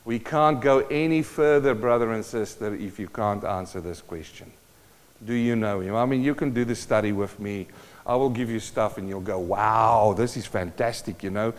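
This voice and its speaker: A man's voice: lowish voice, normal speed. A man preaching a sermon, quoting scripture and building emphatically in intensity. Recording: long reverb of a large hall.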